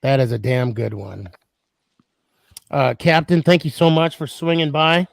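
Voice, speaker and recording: A man's voice: medium pitch, expressive, measured pace, vocal fry, no echo. A man hosting a live podcast stream, chatting casually and laughing easily. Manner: laughs easily, friendly banter. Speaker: podcast host.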